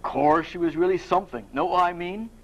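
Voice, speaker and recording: A man reading aloud, voicing a boastful young hired hero in a rough, slangy manner. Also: a little high, moderate pace, lightly acted, low-quality recording.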